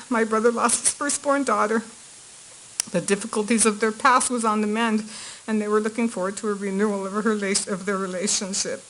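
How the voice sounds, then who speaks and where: A middle-aged woman reading a prepared statement in a courtroom as the victim's aunt, earnest and measured with her grief held back. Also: mid-range voice, steady tone, a bit bright, a little hiss or hum, poor audio.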